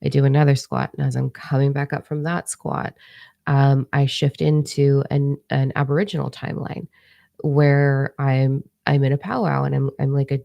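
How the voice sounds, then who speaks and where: A woman's voice: rumbling low, steady tone, moderate pace, vocal fry, warm tone, no room sound. A woman in her forties, a spiritual teacher telling a story in a casual, rambling monologue, blunt and swearing freely. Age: 40s.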